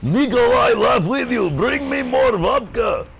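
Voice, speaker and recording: A man voicing a boisterous, vodka-loving soldier, in a loud, gleeful manner. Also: very high voice, expressive, measured pace, vocal fry, pitched above the performer's own voice, full character voice, poor audio.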